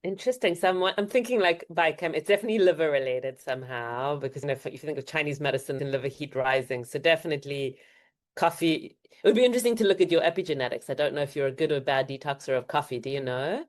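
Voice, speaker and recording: Low-pitched woman guest, casual interview, explains things plainly with quoted asides. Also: quick pace. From South Africa. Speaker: guest, homeopath and naturopathic doctor.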